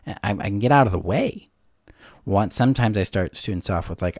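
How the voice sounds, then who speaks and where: A gentle, soft-spoken man explains emotional boundaries in a calm, reassuring teaching voice. His tone sits low with a gravelly texture. The sound is dry and close, with no room echo. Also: moderate pace. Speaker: codependency coach and course teacher. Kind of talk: calm instructional talk to camera.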